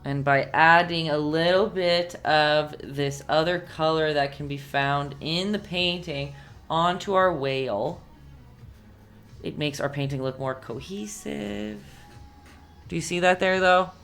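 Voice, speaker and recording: A woman's voice: low voice, measured pace, fairly bright tone, faint music behind. A woman leading a live-streamed painting lesson, chatty and encouraging, humming to herself as she works. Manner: chatty and encouraging, hums while working. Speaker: painting instructor.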